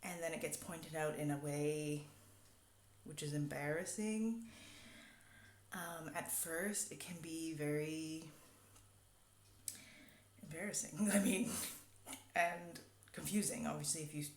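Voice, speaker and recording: A woman's voice: low voice, fairly even intonation, takes it slowly, pauses often, slight background noise. Woman telling a rambling story. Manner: rambling, many fillers. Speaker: vlogger. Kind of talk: casual storytelling. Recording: echoey room.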